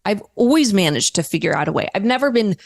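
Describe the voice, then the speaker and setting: A woman guest in a casual interview, talking candidly and telling stories in a lively way, with the odd swear word. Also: mid-range voice, quick pace.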